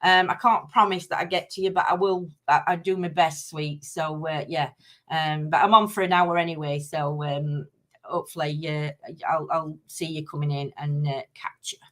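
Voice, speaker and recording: A woman's voice: low-pitched, fairly even intonation, normal speed, a bit bright. A middle-aged woman hosting a casual live-stream chat, rambling with many ums and restarts as she answers viewers. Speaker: livestream host.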